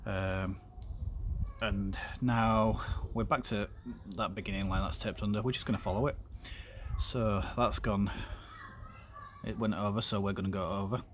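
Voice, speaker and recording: A streamer with a steady, low-leaning voice takes his time explaining a paracord weave as he makes it. His casual talk rambles, full of ums and side chat about games. A little hiss or hum is audible.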